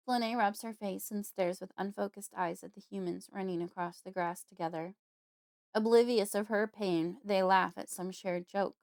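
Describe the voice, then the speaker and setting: A woman narrating her own novel in a casual audiobook style. Her reading is steady and expressive. The sound is dry and close, with no room echo. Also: mid-range voice, creaky. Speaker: author and audiobook host.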